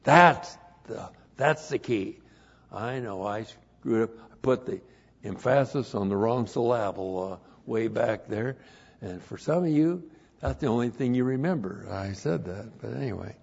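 A man preaching an expository sermon, emphatic, rising loud on key phrases and slowing down to stress single words. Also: medium pitch, animated, gravelly, husky, highs cut off. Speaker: pastor.

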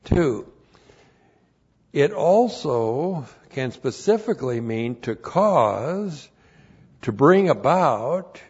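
A man's voice: mid-range voice, sing-song, extremely slow, a little mellow, slightly rough. A man teaching the Bible verse by verse, working through numbered points and repeating each one twice. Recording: dull lo-fi recording.

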